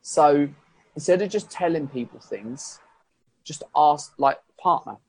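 Husky man coaching. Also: fairly high pitch, measured pace. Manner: chatty, rambling, self-correcting. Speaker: fitness coach. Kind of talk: casual explanatory talk.

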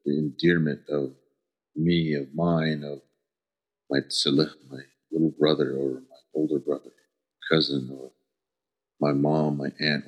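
A middle-aged man from the American Southwest telling personal stories as an interview guest, earnest and halting, often pausing to search for words. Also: rumbling low. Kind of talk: reflective personal storytelling. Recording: dull lo-fi recording.

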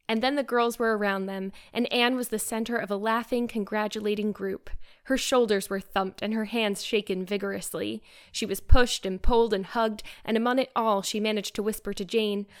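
Measured woman narrating a classic novel. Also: mid-range voice, smooth. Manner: measured and expressive. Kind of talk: scripted narration.

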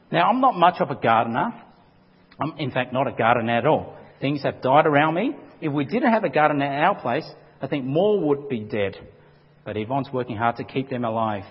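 A man's voice: medium pitch, lively intonation, fairly quick, husky. A man preaching an emphatic sermon, acting out quotes dramatically as a pastor. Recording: dull lo-fi recording with long hall reverb.

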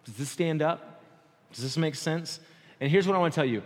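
A man preaching a sermon as pastor in a conversational, animated way, often checking in with his listeners. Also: mid-range voice, moderate pace. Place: church sanctuary. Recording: long hall reverb.

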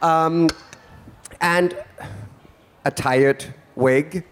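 Man, drag performer, stage host, campy, theatrical, teasing, slightly high voice. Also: fairly even intonation, drawn-out words. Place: stage before a live audience.

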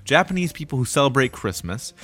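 A young man co-hosting a casual podcast chat, lively and animated. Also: medium pitch, a little fast, soft background music. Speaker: podcast co-host.

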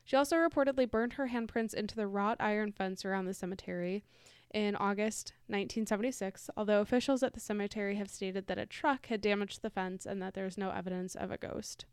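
A woman's voice: medium pitch, fairly even intonation, fairly quick, smooth, dry recording, studio quality. A woman co-hosting a casual podcast, reading ghost stories aloud in a chatty way, laughing easily and correcting herself. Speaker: podcast co-host.

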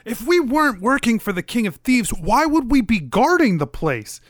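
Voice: medium pitch, sing-song, normal speed, no echo, clean studio sound, pitched above the performer's own voice, natural voice. A game master voicing a flustered, defensive city guard who stammers while getting out-argued.

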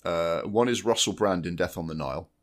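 Low-voiced man, blunt and sweary. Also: a little fast. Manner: blunt, sweary, restarts a lot. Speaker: podcast co-host. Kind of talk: casual film chat.

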